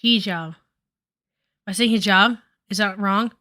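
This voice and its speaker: A woman's voice: mid-range voice, unhurried, bright, forceful tone. A woman giving casual stream commentary while doing her makeup, rambling with lots of fillers and casual swearing.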